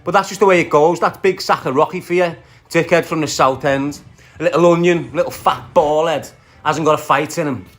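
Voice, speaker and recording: A man from Liverpool, England, with a Scouse accent rants casually on a phone livestream, his voice a little high and fairly quick. He's aggressive and profane, trading insults while greeting viewers by name.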